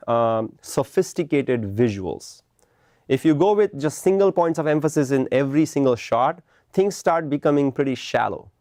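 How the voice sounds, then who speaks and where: Here a man with a voice on the high side and lively intonation lectures on film composition at a moderate pace, his tone a little mellow. He explains patiently and keeps checking in with "right?". The studio-quality audio has no echo.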